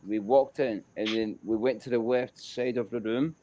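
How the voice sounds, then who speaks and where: A man with a Scottish accent telling a story in a casual chat, animated and repetitive and swearing freely. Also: mid-range voice, moderate pace, low-quality recording.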